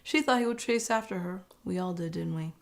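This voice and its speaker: A woman's voice: on the low side, vocal fry. A woman recapping a reality show episode in casual reaction commentary, exclaiming and laughing as she goes. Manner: animated, exclaiming, quick laughs between remarks.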